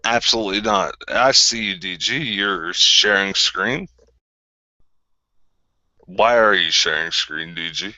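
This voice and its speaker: A man's voice: sits low, slow pace, pauses often, pushed and bright, dry recording, dull audio. A man hosting a group call, bluntly and combatively calling someone out in a repetitive rant. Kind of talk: confrontational ranting callout.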